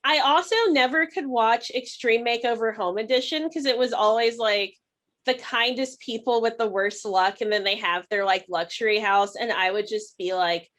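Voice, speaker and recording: A woman's voice: on the high side, moderate pace, a bit bright. Giggly, candid woman podcast co-host. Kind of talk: casual chat.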